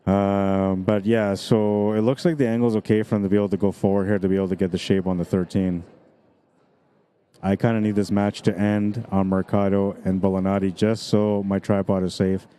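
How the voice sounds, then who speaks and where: Brief: male pool commentator, low mellow voice, Canadian accent, explains shape and angles, gets excited. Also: smooth. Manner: excitable, breaks into screams and laughs at exciting shots; explanatory, breaks down shot angles like a coach. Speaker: pool match commentator and streamer. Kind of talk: solo live-stream commentary.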